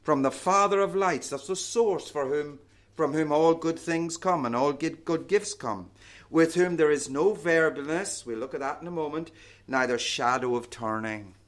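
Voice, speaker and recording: A man preaching a sermon, reading scripture and explaining it in slow, deliberate phrases that fall away at the ends. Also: a little high.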